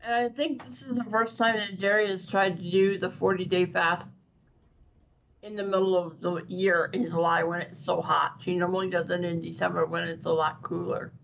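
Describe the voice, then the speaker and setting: A guest in a casual live-stream chat who talks haltingly and keeps restarting sentences. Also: mid-range voice, level tone, gravelly, a little hiss or hum. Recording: dull lo-fi stream audio.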